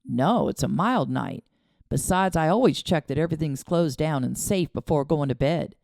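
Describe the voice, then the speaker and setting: A steady husband speaks slowly in a low, mellow voice, reasoning through what happened, as a woman reads him. The sound is dry and close. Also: creaky, no echo. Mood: bewildered. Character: steady, bewildered homeowner man, a husband.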